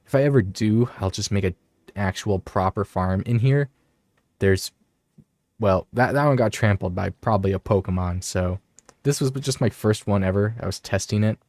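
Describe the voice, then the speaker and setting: A young man talks through his gameplay in a relaxed, chatty way, with a voice sitting a little low. He trails off and restarts often, and gets excited whenever he notices something. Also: moderate pace, no echo. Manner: rambling, self-interrupting, easily excited. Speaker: gaming video creator. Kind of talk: casual gameplay commentary.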